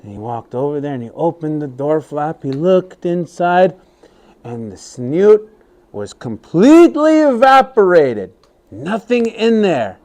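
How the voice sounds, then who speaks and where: Animated male storyteller for children. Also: on the high side, a little slow. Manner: animated, asks the children questions. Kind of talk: telling a story to a children's class.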